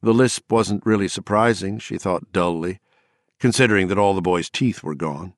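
A man narrates a novel in a steady, dramatic way. His voice sits on the low side, and it is recorded close and dry with almost no room sound. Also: no room sound. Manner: measured, dramatic storytelling. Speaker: audiobook narrator. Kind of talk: scripted narration.

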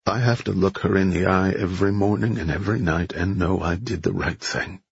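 A man's voice: sits low, fairly quick, gravelly, husky, no room sound, dull audio, full character voice. A man narrating who voices a young police officer, earnest and strained under pressure.

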